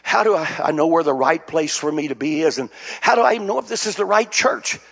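An older man preaching a sermon as pastor, telling stories and building to shouted climaxes. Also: on the high side, lively intonation, fast, vocal fry, breathy edge. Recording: dull lo-fi sound.

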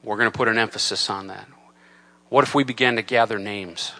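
This is a man preaching in a church, a pastor working from a solemn scripture reading toward loud, raised preaching after starting soft and low. He speaks a little fast with a steady tone, and the setting is the sanctuary.

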